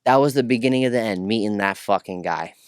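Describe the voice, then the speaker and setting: A man with a low voice spins a rambling, profane story in casual interview talk. The sound is close and dry, with no room around it. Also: quick pace, clear, resonant tone, no echo. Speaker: podcast guest.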